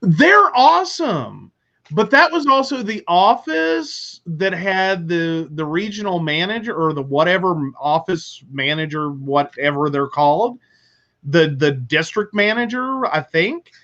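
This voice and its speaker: A male host with a high voice who talks slowly and rambles, leaning heavily on filler words. The sound is dull and lo-fi. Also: lively intonation, pushed and bright. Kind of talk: casual chat.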